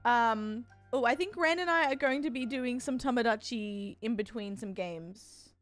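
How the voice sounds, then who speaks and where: A young Australian woman chats with her stream in a bubbly, animated way, her voice sitting fairly high. She jumps quickly up in pitch when she gets excited. Faint music plays behind her. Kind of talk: casual chat with viewers.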